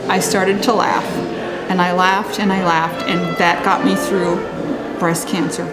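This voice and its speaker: A woman's voice: fairly low pitch, level tone, a little slow, loud music behind the voice, low-quality recording. A woman sharing personal memories in an interview, chatty, laughing often and acting out remembered conversations. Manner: chatty, laughs often, acts out quoted dialogue. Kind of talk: tearful-to-laughing personal storytelling.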